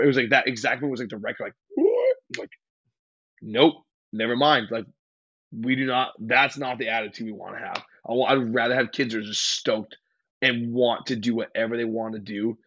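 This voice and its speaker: Rambling, gravelly young man, lo-fi. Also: medium pitch, fairly quick, dry recording. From California. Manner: rambling, slangy, excitable storytelling. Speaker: hardcore band vocalist, podcast guest. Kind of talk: casual interview chat.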